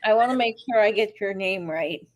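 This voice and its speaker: A woman's voice: medium pitch, fairly quick, lo-fi sound. A woman co-hosting a casual livestream, chiming in with short remarks. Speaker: livestream co-host. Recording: crowd noise in background.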